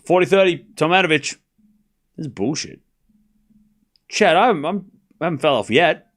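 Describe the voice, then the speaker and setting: Lively Australian man calling tennis. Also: fairly high pitch. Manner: quick-tempered, jokey back-and-forth with chat. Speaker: streamer calling a tennis match. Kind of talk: live stream play-by-play and chat banter.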